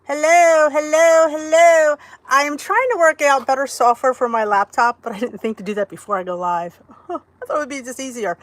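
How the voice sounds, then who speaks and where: A talkative woman hosts a casual livestream on her phone from indoors. She chats and greets viewers by name, her voice sitting a little high. The sound is close and dry. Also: expressive, quick pace, a bit bright, no room sound. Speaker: livestream host.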